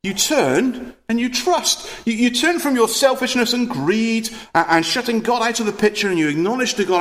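High-voiced earnest preacher. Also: male voice, expressive, normal speed, hardly any pauses, fairly bright tone. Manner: earnest, emphatic, with rhetorical questions and repeated words. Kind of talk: sermon.

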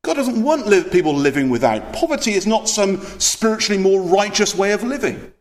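High-voiced earnest preacher. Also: male voice, lively intonation, fairly quick. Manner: earnest, emphatic, with rhetorical questions and repeated words. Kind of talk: sermon.

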